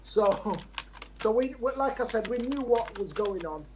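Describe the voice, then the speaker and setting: A man in his fifties, a former footballer, talking as a podcast guest and telling relaxed stories full of fillers and restarts. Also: high voice, measured pace, slight background noise, rough recording. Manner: relaxed anecdotal storytelling with many fillers. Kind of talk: podcast interview.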